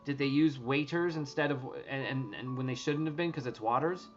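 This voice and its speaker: A man talking casually to his viewers, rambling and excitable, swearing and restarting his sentences often. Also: mid-range voice, fairly quick, highs cut off, faint music behind. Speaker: treasure hunt vlogger.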